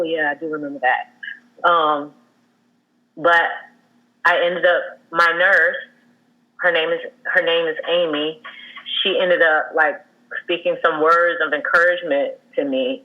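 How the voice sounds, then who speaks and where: A woman in her thirties, a guest telling her own story in a candid, halting way, with many fillers and restarts. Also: on the low side, muffled recording. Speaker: guest sharing a personal loss story.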